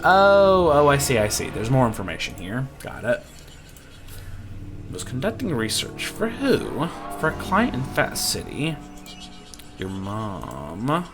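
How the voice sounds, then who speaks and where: Guy playing a game and reading the text out loud, giggles a lot, pitch all over, game music behind. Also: huge pitch swings, takes it slowly. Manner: giggly, laughs often, chatty. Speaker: gaming YouTuber. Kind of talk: let's play commentary, reading game text aloud.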